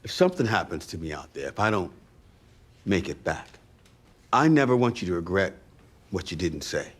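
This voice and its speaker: An actor playing a father who speaks slowly and tenderly to his son before leaving. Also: low-pitched, sing-song, slightly rough, full character voice. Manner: slow, heartfelt. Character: grave father saying farewell to his son.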